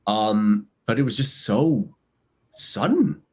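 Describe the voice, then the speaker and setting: A man talking casually as a guest on a live podcast, animated, acting out lines in quoted voices. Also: lowish voice, slow pace, husky.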